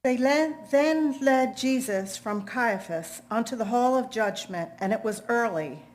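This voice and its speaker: A woman reading a Bible passage aloud in a steady, measured way. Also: a little high, rough recording. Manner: steady, measured reading of old-style text. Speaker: scripture reader.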